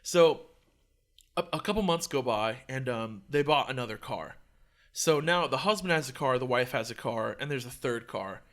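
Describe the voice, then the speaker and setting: A young man hosting a podcast, telling a story in a casual, profane, animated way. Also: mid-range voice, normal speed. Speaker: podcast host.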